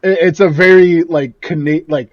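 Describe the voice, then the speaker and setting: A man's voice: a little high, steady tone, moderate pace. A man with a Midwestern US accent, co-hosting a casual podcast chat, laughing often and asking the questions. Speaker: podcast co-host. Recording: dull lo-fi dry recording.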